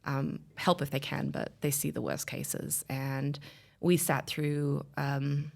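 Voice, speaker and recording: Woman, 30s, podcast guest; low, strongly gravelly voice, earnest, rambling delivery. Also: flat delivery, takes it slowly. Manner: earnest, rambling with many restarts and fillers. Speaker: guest telling her story. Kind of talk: podcast interview, personal story.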